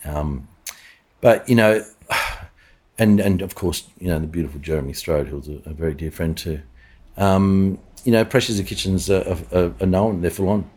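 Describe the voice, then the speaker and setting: A middle-aged Australian man with a very deep voice talks as a podcast guest. He rambles through anecdotes, stopping and restarting sentences and leaning on fillers. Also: normal speed, darkish tone, breathy edge. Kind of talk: casual interview storytelling.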